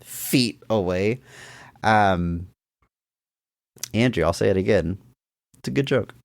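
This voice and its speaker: A man's voice: on the low side, slow pace, creaky, dry recording, clean studio sound. A man co-hosting a podcast, casually and animatedly retelling scenes from a comedy film and acting out the lines. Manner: animated retelling of scenes, acts out quotes with laughs. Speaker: podcast co-host. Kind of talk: casual movie-review chat.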